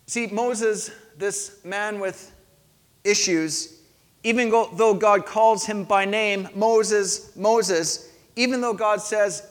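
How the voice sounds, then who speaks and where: A male pastor giving a sermon in a conversational storytelling manner, asking his listeners questions. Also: sits high. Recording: long hall reverb.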